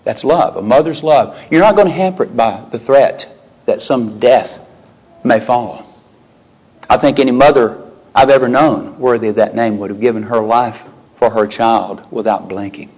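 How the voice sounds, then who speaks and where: A man, older, preaching a sermon, animated, rising sharply in pitch when quoting and exclaiming. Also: moderate pace, slightly rough, rough recording.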